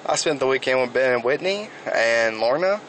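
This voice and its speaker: A young man from Alabama with a Southern accent rambles through a profane story while driving, his medium-pitched voice animated and moderately paced. It's casual vlog storytelling shot on a phone camera inside a moving car, with poor audio and loud car and road noise.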